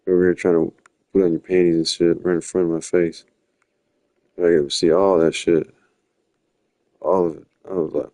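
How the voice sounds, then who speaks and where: A young man talks on a live stream, wandering loosely from one story to the next in casual slang. His voice sits very low. The sound is dry and close, with no room around it. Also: flat delivery, normal speed, pauses often, dark tone, dry recording. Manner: rambling, slangy, drifting storytelling. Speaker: livestreamer. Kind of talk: rambling live-stream chat.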